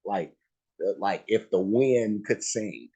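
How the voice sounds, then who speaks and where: A man with a low, husky voice chats through a music reaction video. He talks slowly and loosely, circling back with fillers and restarts. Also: expressive, dark tone, low-quality recording. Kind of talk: casual reaction commentary.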